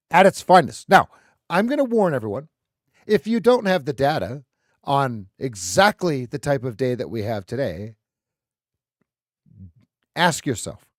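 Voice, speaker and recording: A man's voice: mid-range voice, sing-song, unhurried, pauses often, dry recording, clean studio sound. A man hosting a live trading stream, thinking aloud as he calls price levels and often restarts his sentences. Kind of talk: live market commentary.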